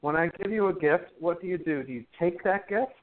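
A man guest on a talk show, gently explaining breath and meditation in a chatty, teacherly way with playful jokes. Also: high-pitched, a little fast. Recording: tinny phone line.

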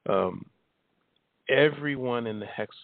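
A man hosting a call-in show, speaking in a measured way with many fillers. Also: mid-range voice, vocal fry, dry recording. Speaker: host. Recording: phone-like line.

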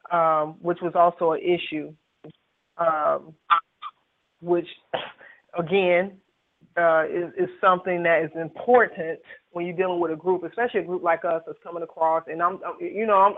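A woman hosting a radio panel discussion by phone. She rambles, with many fillers and restarts. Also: fairly low pitch. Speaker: panel host. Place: on a phone call. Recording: tinny phone line.

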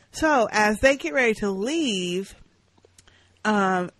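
Speaking extremely slowly in a medium-pitched voice, a woman co-hosts a podcast and chats casually through an episode recap. She animatedly performs the characters' lines. The recording is dry and of low quality.

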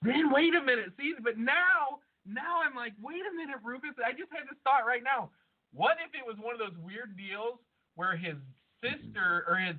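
A man co-hosting a podcast in loose, excitable chat, swearing and spinning wild theories. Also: high-pitched. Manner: excitable, swearing, quick to speculate. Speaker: podcast co-host. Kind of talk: casual chat. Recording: phone-like narrow sound.

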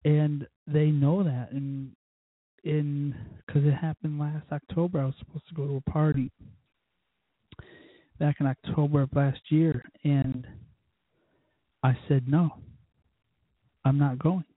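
A man with a husky, slightly high voice holds forth in a blunt, profane, exasperated rant. The sound is tinny and phone-like, bone dry with no room around it. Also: flat delivery, a little slow, pauses often, no echo. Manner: blunt, cussing, exasperated ranting. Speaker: podcast host. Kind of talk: profane casual monologue rant.

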